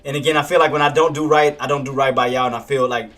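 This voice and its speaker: Bright-voiced man, self-scolding trader. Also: medium pitch, fairly even intonation, fast. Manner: swears at himself and talks himself down. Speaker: day trader streaming live commentary. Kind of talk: casual live trading commentary.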